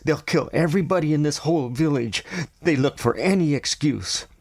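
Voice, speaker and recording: A man's voice: on the high side, normal speed, a little mellow, slightly rough, no room sound, clean studio sound, voice pushed up. A man reading a novel aloud and voicing a protective village mother in a raised, urgent tone. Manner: pleading, urgent.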